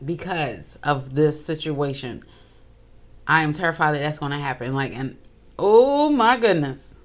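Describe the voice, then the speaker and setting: A woman hosting a reaction video, reacting in casual commentary with drawn-out exclamations. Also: sits low, fairly bright tone.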